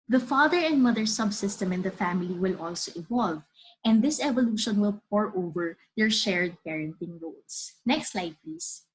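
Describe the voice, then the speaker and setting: A woman in her thirties giving a measured, earnest webinar talk on child development, advising parents as she moves through her slides. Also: medium pitch, expressive, a little hiss or hum, low-quality recording.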